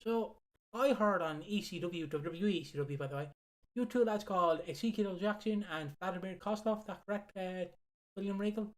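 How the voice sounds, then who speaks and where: A woman's voice: mid-range voice, a little fast, natural voice. A woman doing a smug quizzing boss. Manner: leading, quizzing questions.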